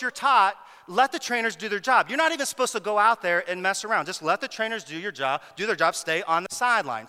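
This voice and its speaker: Bright-voiced preacher in an echoey hall. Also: male voice, sits high, smooth. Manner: animated storytelling, repeats words for emphasis. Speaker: pastor. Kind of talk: sermon.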